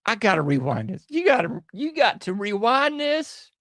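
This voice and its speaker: A man's voice: high voice, sing-song, moderate pace, fairly bright tone, no room sound, clean studio sound. A man hosting an online show, giving casual, mocking commentary on news clips in a slangy, laughing manner.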